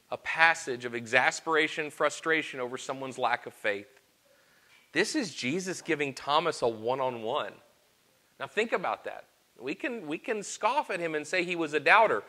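A man preaching a sermon, earnest, moving between quiet personal confession and loud, emphatic rhetorical questions. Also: a little high.

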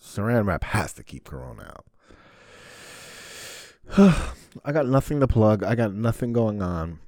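A man's voice: on the low side, big pitch swings, measured pace, mellow, dry recording, studio quality. A man hosting his own podcast, talking in a profane, rambling, sarcastic solo monologue. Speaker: podcast host.

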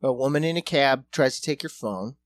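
A man's voice: medium pitch, a little fast, no echo. A man co-hosting a comedy podcast, riffing crudely and swearing often. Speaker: podcast co-host. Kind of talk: casual comedic chat.

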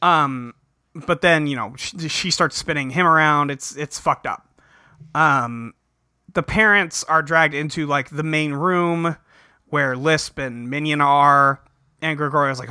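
A man's voice: on the high side, unhurried, sharp tone, clean tone, dry recording, studio quality. A man co-hosting a podcast, casually recapping a movie in a rambling way, swearing now and then. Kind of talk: casual chat.

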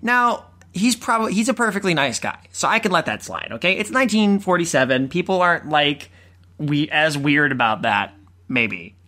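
A podcast co-host with a bright, sharp voice riffs through a casual film discussion, cracking jokes and following tangents. The voice sits at a middle pitch. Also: big pitch swings, moderate pace. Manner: joking, riffs on asides.

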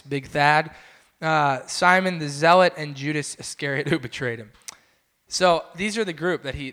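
A young man gives a casual, conversational sermon in a small church. His voice sits a little high and sounds bright and forceful. He talks in a chatty, animated way and acts out the people in his stories. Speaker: pastor. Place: small church building, indoors.

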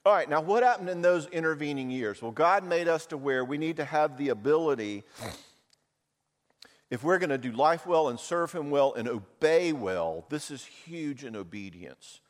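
A middle-aged man preaching a sermon, animated and jokey, acting out little voices. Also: a little high, moderate pace. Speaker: pastor. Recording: long hall reverb.

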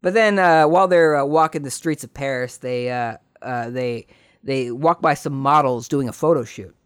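Brief: man hosting a casual solo podcast, rambling, animated, lively storyteller, dry close sound. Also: mid-range voice, normal speed, clean tone, no echo. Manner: rambling, animated retelling with voices for quotes. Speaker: podcast host.

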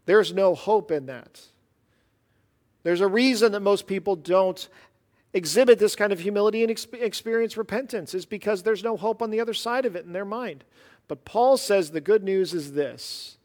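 A man preaching a sermon, animated and conversational, with casual asides. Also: high voice, moderate pace, big-room sound. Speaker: pastor.

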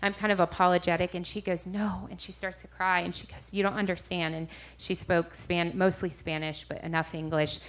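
A woman's voice: fairly low pitch, flat delivery, fairly quick, hardly any pauses. A woman minister giving a personal testimony to an audience, storytelling animatedly with frequent self-corrections. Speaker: street minister.

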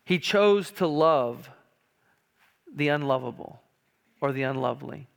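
A male pastor preaching a sermon in a church, emphatic and repetitive, slowing down on key lines and building louder toward urgent points. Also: mid-range voice, lively intonation, vocal fry. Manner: emphatic preaching, repeats key phrases and often says "listen". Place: church sanctuary.

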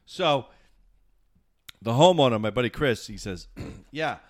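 A man, co-hosting a show and telling a funny story in casual chat, acting out other people's lines in shrieking falsetto. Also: a little slow, dry recording, studio quality. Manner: animated, acts out quotes with shrieking falsetto voices. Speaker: show co-host.

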